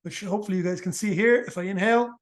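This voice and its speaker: A man explaining breathing physiology in a casual interview, fast and joking, with frequent swearing. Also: high voice. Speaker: movement and rehabilitation practitioner, guest.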